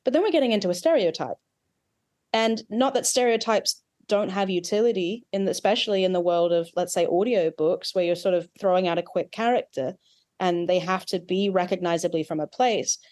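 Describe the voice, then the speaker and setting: A woman with an Australian accent touched by American sounds, a dialect coach explaining things in a podcast interview. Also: fairly low pitch. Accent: Australian with some American influence. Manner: animated, explanatory, quick asides.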